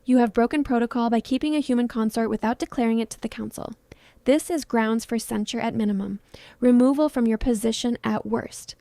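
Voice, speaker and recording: A woman's voice: fairly high pitch, fairly quick, creaky, mellow, dry recording. A woman voicing an ancient, menacing male vampire lord who speaks with cold, mocking condescension. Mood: cold contempt.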